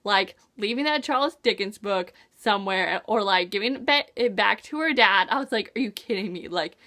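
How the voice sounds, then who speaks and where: A woman's voice: medium pitch, animated, moderate pace, sharp tone. A young woman casually reviewing a book in a vlog, bubbly and gushing, with lots of "like" and "oh my gosh".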